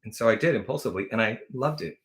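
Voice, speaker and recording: A man's voice: on the low side, animated, rapid-fire. A man hosting a casual livestream, telling rambling stories full of fillers and self-corrections. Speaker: livestream host.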